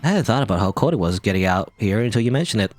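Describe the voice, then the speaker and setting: A man's voice: fairly low pitch, big pitch swings, racing, no room sound. A man voicing a restless, sardonic young female cat in a video game, his voice raised and wry.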